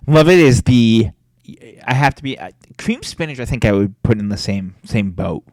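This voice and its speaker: A young man in casual podcast chat, animated and opinionated, swearing casually. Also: medium pitch, moderate pace, no echo, studio quality. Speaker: podcast co-host.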